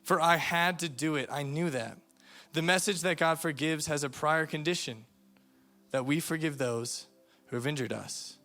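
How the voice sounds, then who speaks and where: A man with a bright, forceful tone and a fairly high voice gives an earnest sermon to a youth camp. He tells the story with rising and falling intensity and reads passages aloud, with faint music underneath. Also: normal speed. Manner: earnest storytelling, reads quotes aloud, varies volume for emphasis.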